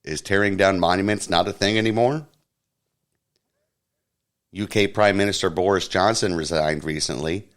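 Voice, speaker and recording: A man hosting a podcast, reading a satirical news roundup in a deadpan newsreader manner. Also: low voice. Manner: deadpan mock newsreader, puts on silly voices for quotes. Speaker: podcast host.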